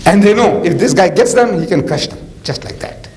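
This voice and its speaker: An older man with a South African accent delivers a lively storytelling lecture. He is colloquial and theatrical, leaning on casual asides as he talks. His voice sits somewhat high for a man. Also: a little fast, low-quality recording. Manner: colloquial, theatrical, punctuates with "man" and "you know". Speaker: Islamic preacher.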